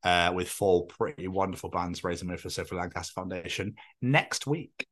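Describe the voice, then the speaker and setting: A man co-hosting a podcast in casual chat. He swears freely and tells stories in an animated way. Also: low-pitched, brisk. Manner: chatty, sweary, animated storytelling. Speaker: podcast co-host.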